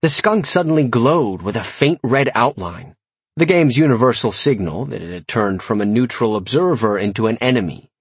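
A man reading a comic first-person audiobook with wry, lively storytelling. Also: mid-range voice, moderate pace, husky, dry recording. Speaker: audiobook narrator.

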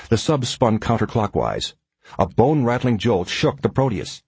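A man narrating a thriller audiobook in a dramatic, measured way. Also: medium pitch, big pitch swings, darkish tone, breathy edge, no echo.

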